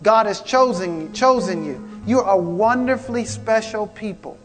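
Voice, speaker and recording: A man's voice: sits high, measured pace. A man preaching a prophetic sermon, fervent and repetitive, calling out to the congregation. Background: guitar music.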